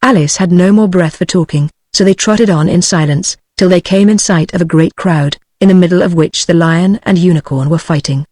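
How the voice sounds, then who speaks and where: Brief: text-to-speech storybook narrator, flat and even, dry recording. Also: mid-range voice, normal speed, few pauses, no room sound. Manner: flat synthetic reading. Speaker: audiobook narrator. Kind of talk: text-to-speech audiobook reading.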